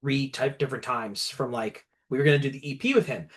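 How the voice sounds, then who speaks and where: A man's voice: mid-range voice, fairly quick. A man from the United States, a guitarist in a guest band, chatting casually in an interview and acting out quotes in a raised voice as he tells stories.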